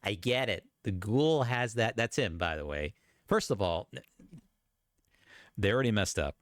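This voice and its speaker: Animated low-voiced man reacting. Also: a little slow, no echo, studio quality. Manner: animated, chatty, breaking into laughs and voices. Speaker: YouTube commentator. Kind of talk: casual reaction commentary.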